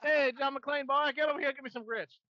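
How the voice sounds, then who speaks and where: A man's voice: very high-pitched, fairly even intonation, a little fast, bright, forceful tone, no echo, muffled recording, pitched above the performer's own voice. A man voicing a bossy Southern man calling for grits, in a put-on Southern accent with a raised voice. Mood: mock-bossy. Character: gruff Southern man barking orders.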